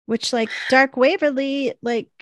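Middle-aged woman, animated casual recap of a show, dry close sound. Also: high-pitched, measured pace, no echo. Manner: animated retelling, acts out lines. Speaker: podcast co-host. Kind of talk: casual chat recapping a TV episode.

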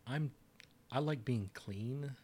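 A man's voice: medium pitch, takes it slowly, a little mellow, a little hiss or hum. A man hosting a podcast in casual chat, rambling with restarts and easy laughs. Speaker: podcast host.

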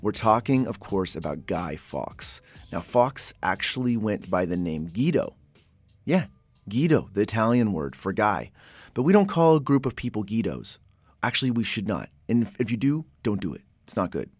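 A man from Oklahoma with a slightly low voice talks through the history of a word in a loose, chatty way. He wanders off on tangents and restarts his sentences as he goes. Soft music plays underneath him. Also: very animated, normal speed, no echo. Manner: chatty, digressive, often restarts and corrects himself. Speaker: podcast host. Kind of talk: casual word-history explainer.

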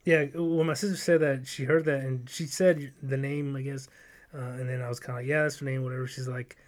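A man co-hosting a podcast, chatting casually and telling stories with quick put-on voices. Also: medium pitch, steady tone. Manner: playful storyteller, slipping into quick put-on voices. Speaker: podcast co-host. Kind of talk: casual chat.

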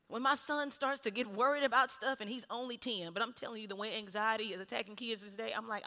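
A woman preaching a sermon, animated, with punchy repeated refrains and laughing between lines. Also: fairly high pitch, fast, hardly any pauses. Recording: long hall reverb.

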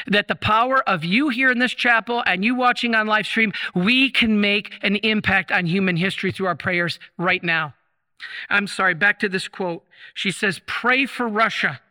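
Impassioned preacher in a reverberant chapel. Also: male voice, sits high, bright, forceful tone. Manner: impassioned, emphatic preaching with slow stressed phrases. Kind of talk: sermon.

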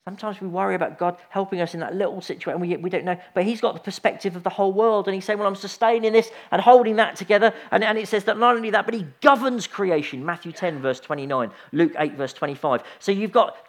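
A man's voice: sits high, fairly even intonation, fast talker, few pauses. A middle-aged man giving an informal sermon, chatty and anecdotal, with frequent restarts and asides. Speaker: preacher.

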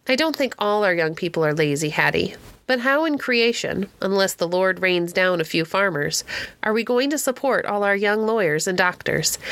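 A woman's voice: mid-range voice, fairly bright tone, no echo. A woman reading the lines of a hearty, good-natured older male farmer who speechifies at the table. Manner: blustery, speechifying.

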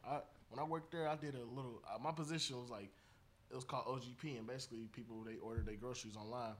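A man's voice: medium pitch, steady tone, fast talker. A young man co-hosting a casual chat, telling slangy stories and laughing often. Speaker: podcast co-host.

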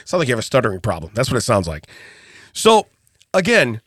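A man's voice: medium pitch, a little fast, no room sound. An older man co-hosting a casual comedic podcast in a studio, telling stories and laughing often. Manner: animated storytelling, laughs often. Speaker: podcast co-host.

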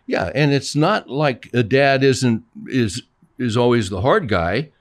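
A man's voice: medium pitch, expressive, a little slow. An older man talking casually as a pastor and co-host, telling stories and acting out both sides of conversations. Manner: storytelling, acts out both sides of dialogues.

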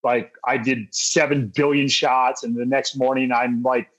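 A man's voice: medium pitch, level tone, unhurried, a bit bright, lo-fi sound. A man in his late twenties, co-hosting a podcast, animatedly telling a casual story and acting out his friends' lines. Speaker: podcast co-host.

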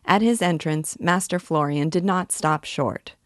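Low-voiced woman reading a novel aloud. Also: no echo, studio quality. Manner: measured, steady narration. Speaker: book reader, guide.

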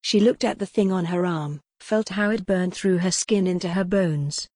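Woman narrating a dark gothic novel. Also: on the low side, no echo, clean studio sound. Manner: measured, dramatic storytelling. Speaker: audiobook narrator. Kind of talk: scripted narration.

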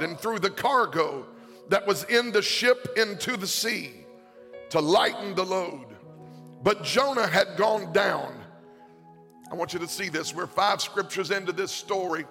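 A pastor preaching a sermon to a congregation in a large church, his delivery rising into a sing-song cadence and shouted peaks. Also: sits high. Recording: long hall reverb, faint music.

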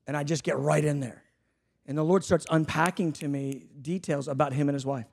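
A man preaching a sermon, swinging between fervent shouted appeals and hushed, conversational storytelling. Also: on the high side, steady tone, fairly quick, creaky. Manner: conversational, self-deprecating anecdotes.

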